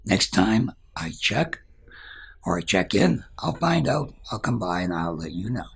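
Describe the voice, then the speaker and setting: A man voicing a calm spiritual master who answers his followers slowly. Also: sits low, vocal fry, slightly rough, heavily acted.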